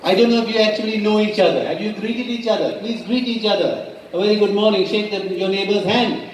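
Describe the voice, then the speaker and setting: A man's voice: high voice, brisk, a little hiss or hum. A man, a school principal addressing parents at a meeting in a firm, emphatic way. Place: large school hall. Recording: echoey hall heard from a distance.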